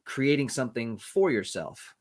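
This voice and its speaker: A man hosting an interview, asking relaxed questions with fillers. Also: medium pitch, moderate pace. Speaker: host. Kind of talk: casual interview talk.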